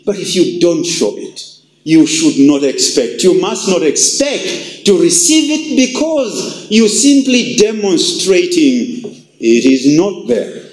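A man preaching a sermon as pastor, emphatic and repetitive, with wide swings in pitch for emphasis. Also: very animated, slow, darkish tone. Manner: emphatic, repeats phrases, shifts pitch widely for emphasis. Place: church. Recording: echoey church hall.

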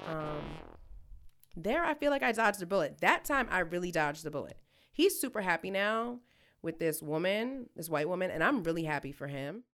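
A young woman co-hosts a casual podcast. She tells her stories in an animated, profane way and throws herself into acting out quoted lines. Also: on the low side. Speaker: podcast co-host. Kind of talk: casual storytelling chat.

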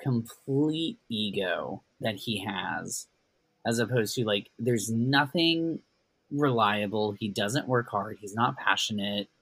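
A podcast co-host in casual chat, animated and swearing, with big reactions. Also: medium pitch, slow pace, vocal fry, slightly rough.

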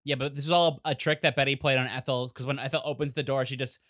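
Mid-pitched plot-narrating podcast co-host, dry sound. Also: steady tone, fast talker, fairly bright tone, no room sound. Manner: narrates the plot, slips into quoted voices. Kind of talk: casual chat recapping a TV episode.

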